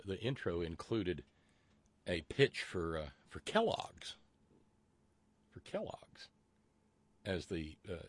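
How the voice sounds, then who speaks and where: A man's voice: deep voice, dry recording. A man hosting a call-in radio talk show, chatty and rambling with many fillers and restarts, and wry asides.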